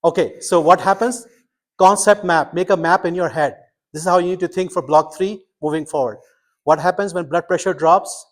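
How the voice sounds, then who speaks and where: Middle-aged male instructor, slightly high voice, lively classroom lecture, quizzes students. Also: normal speed. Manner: quizzing students, animated and emphatic. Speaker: medical school instructor.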